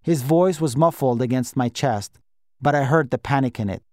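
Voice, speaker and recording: A man reading a novel aloud in first person, quiet and measured. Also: medium pitch, dry recording, clean studio sound. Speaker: audiobook narrator.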